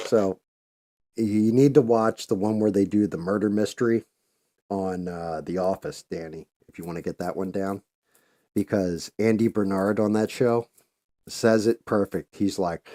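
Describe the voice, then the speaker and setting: Man, very low voice, mellow tone, loose profane livestream chat. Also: fairly even intonation, unhurried. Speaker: livestream host painting.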